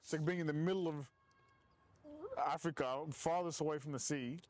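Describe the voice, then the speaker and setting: A man in a casual chat, reminiscing in a lively way and swearing freely. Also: on the high side, moderate pace.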